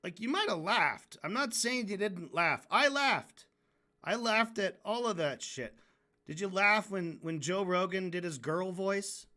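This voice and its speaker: A man's voice: sits high, a little slow, sharp tone. A man livestreaming while he draws, ranting casually and frankly, swearing and often restarting his sentences. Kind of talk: casual rant during a drawing stream.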